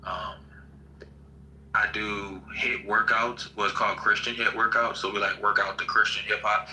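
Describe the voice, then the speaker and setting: Laid-back man from New Orleans, bright voice. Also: fairly low pitch, little pitch movement, normal speed, a little hiss or hum, poor audio. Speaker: guest on a live stream. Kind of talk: casual chat.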